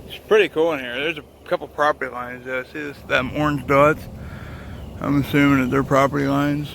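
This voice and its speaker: There's background noise as a trucker with a creaky, mid-range voice walks a lakeside rest area, holding his phone to film a casual vlog. He rambles, wanders from thought to thought and swears constantly.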